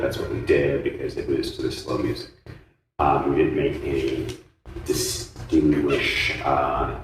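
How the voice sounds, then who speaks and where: A man being interviewed about blues dancing, talking in a thoughtful, casual way with many fillers. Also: extremely low pitch. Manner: thoughtful, many ums and you-knows, animated when joking. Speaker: interviewee, blues dance teacher. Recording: echoey room, mic set at a distance, faint noise.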